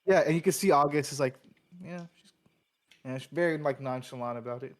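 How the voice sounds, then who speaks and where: A man's voice: mid-range voice, fast. A man narrating a tabletop game as game master, in a casual, filler-heavy way.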